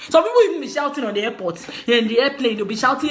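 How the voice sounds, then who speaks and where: A woman's voice: high-pitched, lively intonation, fast. A woman with a Nigerian accent talking straight to her viewers in a passionate, scolding rant, often laughing through her words. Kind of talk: passionate direct-to-camera rant.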